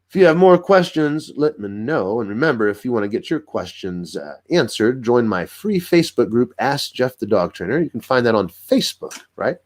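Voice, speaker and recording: A man working as a dog trainer, explaining in a casual, animated way and acting out what dogs think in little voices. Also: on the low side. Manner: animated, acts out dogs' thoughts in voices. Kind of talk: casual instructional talk.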